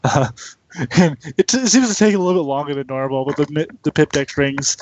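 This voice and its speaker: A man narrating a tabletop role-playing game as game master in a loose, unhurried way. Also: on the high side, animated, rough recording.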